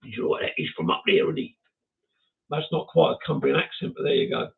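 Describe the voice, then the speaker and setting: Chuckling older Englishman, gravelly and tinny. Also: fairly high pitch, steady tone, a little fast. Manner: chatty, chuckling, self-mocking. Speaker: livestream host. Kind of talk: casual chat reading viewer comments. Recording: tinny phone-like sound.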